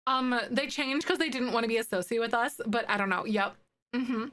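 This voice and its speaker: A woman's voice: fairly high pitch, fairly quick, a bit bright. A young woman streaming a life-sim game, chatting casually with viewers, bubbly and full of "like"s. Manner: bubbly, chatty, many "like"s, answers chat. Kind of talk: casual chat while playing.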